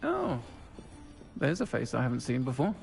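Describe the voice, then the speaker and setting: A woman voicing a composed, protective innkeeper in a game, speaking in a calm, dry, courteous way. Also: extremely low pitch, moderate pace, gravelly, full character voice. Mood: welcoming. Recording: game audio with music behind.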